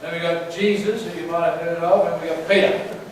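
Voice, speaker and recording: A fairly high-voiced man preaches in a relaxed, storytelling way, firing questions at the congregation. His voice rings around a large, very echoey hall, heard from a distance with a faint hum of room noise. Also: fairly quick. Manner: chatty, storytelling, asks the crowd questions. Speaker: church speaker. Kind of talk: conversational sermon. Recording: very echoey hall, mic far off.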